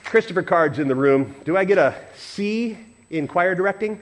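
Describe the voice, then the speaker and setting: A man preaching to a church congregation, animated and playful, sometimes leading the room in song. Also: sits high, moderate pace, a little hiss or hum. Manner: animated, playful, acts out voices and leads congregation singing. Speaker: pastor. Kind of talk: sermon.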